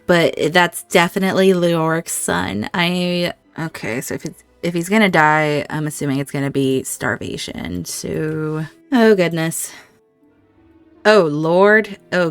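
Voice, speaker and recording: With a lowish, smooth voice and no room sound, a woman hosts a gameplay video, offering relaxed commentary. She responds emotionally and speaks out loud to the characters in the game.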